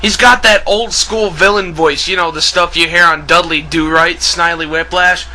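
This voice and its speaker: A man's voice: fairly high pitch, steady tone, normal speed, few pauses, bright, forceful tone, low-quality recording. A man ranting angrily in a video commentary, profane and sarcastic. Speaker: video ranter.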